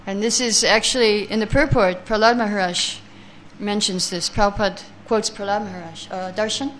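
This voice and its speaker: A woman leads a scripture class, chanting verses slowly before reading them out and explaining each one. Her voice sits at an ordinary middle pitch, and a faint hiss of background noise runs under it. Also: fairly even intonation, a bit bright. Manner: chants Sanskrit verses slowly, then reads translations and explains; takes answers from the class.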